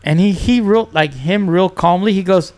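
A man's voice: high-pitched, moderate pace, darkish tone. A man chatting as a podcast guest, telling fishing stories animatedly, acting out quotes and restarting often. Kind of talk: casual storytelling.

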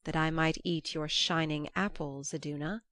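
A woman's voice: low voice, fairly even intonation, moderate pace, fairly bright tone, dry recording, clean studio sound. A woman reading aloud, voicing a greedy, demanding male giant.

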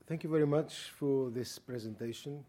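Male academic, Greek accent, warm low-key delivery, deliberate lecture pace with ums. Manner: measured, deliberate, frequent ums. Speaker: guest lecturer. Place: university lecture hall.

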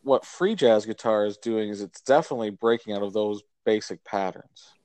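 Podcast co-host, male, lower pitch, loose rambling talk, dry close sound. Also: moderate pace, darkish tone, dry recording. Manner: rambling, many fillers and restarts. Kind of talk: casual chat about records.

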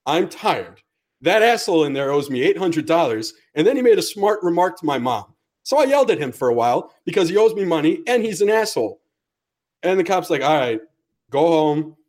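A man's voice: fairly high pitch, big pitch swings, fairly quick, darkish tone. A man on a podcast telling a long, profane story and acting out each person's lines. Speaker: podcast co-host. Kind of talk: casual storytelling.

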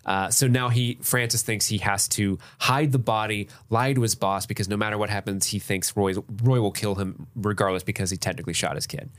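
A man's voice: fairly low pitch, fairly even intonation, a little fast, hardly any pauses, fairly bright tone. A man co-hosting a casual movie-review podcast, laid-back and swearing freely, with frequent laughter. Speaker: podcast co-host.

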